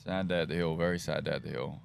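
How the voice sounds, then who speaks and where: Racing along in a rumbling low, gravelly voice with fairly even intonation, an Australian-accented co-host from Queensland provides casual commentary on a live race stream. His banter is jokey and teasing, and background noise runs underneath.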